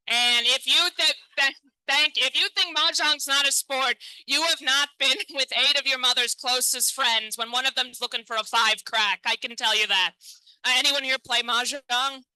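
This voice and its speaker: A woman in her thirties doing stand-up, with a high voice and a very bright, sharp tone. She is chatty and self-deprecating and keeps talking to the crowd. The sound is close and dry. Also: clean tone, no room sound, poor audio. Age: 30s. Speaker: stand-up comedian. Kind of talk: stand-up comedy set. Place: comedy stage.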